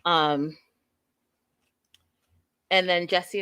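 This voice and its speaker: A woman hosting a podcast, giving an animated, emphatic, chatty recap of a reality show. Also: medium pitch, measured pace. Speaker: podcast host. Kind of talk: casual TV recap commentary.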